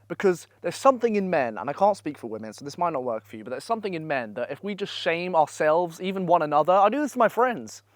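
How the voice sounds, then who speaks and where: A man's voice: fairly high pitch, very animated, fast, few pauses, no echo. Blunt, profane young man. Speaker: online business coach. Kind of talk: casual motivational vlog talk. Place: holiday villa in Greece.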